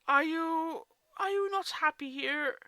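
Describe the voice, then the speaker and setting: A woman's voice: extremely high pitch, slow, pushed and bright, no room sound, pitched above the performer's own voice, exaggerated voice. Discord, a coaxing chaos spirit, a woman reading him aloud. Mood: gentle. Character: Discord, mischievous male chaos spirit, tender.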